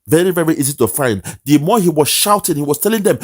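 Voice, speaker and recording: A man's voice: on the high side, lively intonation, fast talker, slightly rough. A man giving an impassioned political monologue, repeating phrases and slipping into pidgin. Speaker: political commentator.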